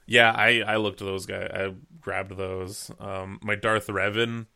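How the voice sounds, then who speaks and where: A man co-hosting a podcast, talking in an excitable, profane way and laughing often. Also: fairly low pitch, unhurried, vocal fry. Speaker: podcast co-host. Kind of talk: casual chat.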